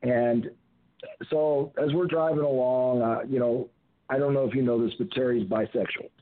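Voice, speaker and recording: An older man calling into a show, spinning a long, rambling road story full of restarts and asides. His voice sits at an ordinary middle pitch. It comes through a thin, tinny phone line. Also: fairly even intonation, moderate pace, dry recording. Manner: rambling anecdotes with frequent restarts. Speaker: guest, retired wrestler. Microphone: telephone.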